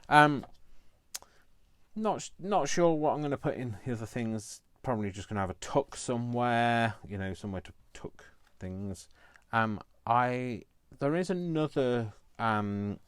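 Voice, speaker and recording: A man in his fifties talks through a live crafting session from his kitchen at home. His voice sits fairly low. He rambles from one idea to the next and drops playful asides as he goes. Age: 50s. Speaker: crafting vlogger. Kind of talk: live casual crafting chat.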